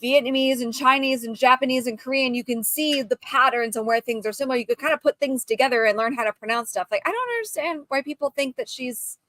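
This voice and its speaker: A woman co-hosting a casual podcast chat, thinking out loud and explaining her view at length, laughing easily. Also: high-pitched, fast, hardly any pauses, no echo. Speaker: co-host.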